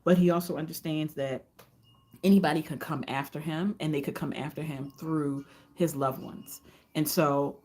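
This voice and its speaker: A woman's voice: low voice, moderate pace. Chatty woman recapping a book. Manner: animated retelling with acted-out quotes. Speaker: book reviewer. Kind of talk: casual book review vlog.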